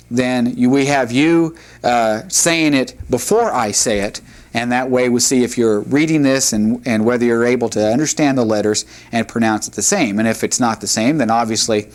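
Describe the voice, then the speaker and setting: A man teaching a recorded language lesson, explaining step by step in a measured way with frequent "uh" pauses. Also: mid-range voice. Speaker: Hebrew teacher. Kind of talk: recorded classroom lecture.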